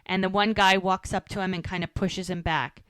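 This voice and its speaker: A woman's voice: medium pitch, normal speed, smooth, dry recording. A woman co-hosting a podcast, casually recapping a TV episode and acting out the characters' lines as she goes. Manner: animated retelling, acting out quotes. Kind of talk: casual chat.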